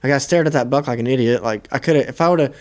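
A young man, co-host of a podcast, casually telling a hunting story in a relaxed, profane way. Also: medium pitch, racing.

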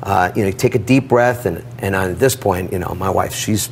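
A middle-aged man telling a personal story in an interview, animated and acting out the dialogue. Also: deep voice, normal speed, a little hiss or hum. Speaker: guest.

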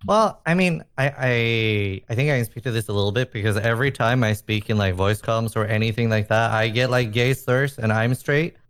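A man's voice: mid-range voice, normal speed, hardly any pauses, a bit bright, smooth. Nasal man with slight Norwegian accent. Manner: hesitant, filler-heavy. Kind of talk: casual chat.

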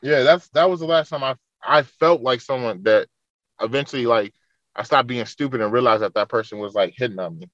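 A man's voice: medium pitch, a little fast, a bit bright, no echo, lo-fi sound. A man in a casual podcast chat who swears freely and tells stories, acting out what people said. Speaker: podcast guest.

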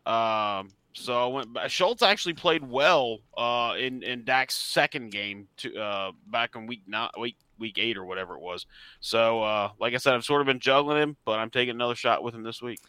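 A man's voice: mid-range voice, moderate pace, pushed and bright, clean tone, no room sound. A man co-hosting a casual sports chat, easygoing and thinking aloud as he explains his picks. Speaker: podcast co-host. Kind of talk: casual fantasy football chat.

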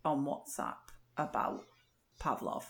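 A woman's voice: a bass voice, slow pace, vocal fry, slight background noise. Brief: woman, wry, chatty storyteller who laughs easily. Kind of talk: casual chat.

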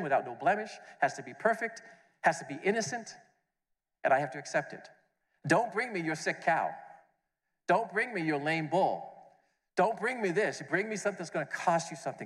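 A man preaching a conference sermon, animated, acting out questions and answers and repeating words as he goes. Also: on the high side. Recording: long hall reverb.

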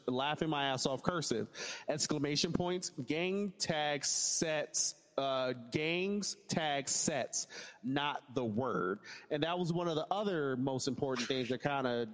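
A man's voice: fairly high pitch, in a large hall. A man hosting a live podcast, chatting casually and joking with loose, profane storytelling. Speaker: podcast host.

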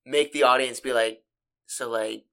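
A man's voice: medium pitch, steady tone, measured pace, vocal fry, bright, forceful tone, smooth. A man guesting on a casual podcast, talking hesitantly with many restarts and fillers. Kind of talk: casual chat.

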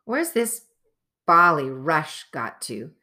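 Casting: grumbling schoolboy, read by a woman, impatient, bright tone. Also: low voice, very animated, takes it slowly, exaggerated voice. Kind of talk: audiobook character voice.

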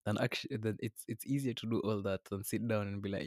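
A man's voice: fairly low pitch, fairly even intonation, brisk, hardly any pauses, dry recording, studio quality. A man hosting a podcast, talking earnestly and a little preachily, often calling the listener man or brother. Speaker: podcast host. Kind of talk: reflective podcast monologue. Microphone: podcast microphone.

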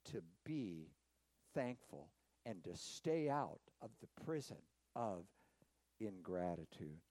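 A man preaching a sermon as a pastor, slow and emphatic, leading the congregation in reading scripture. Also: no echo, low-quality recording. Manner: slow, emphatic preaching with lively rising and falling pitch.

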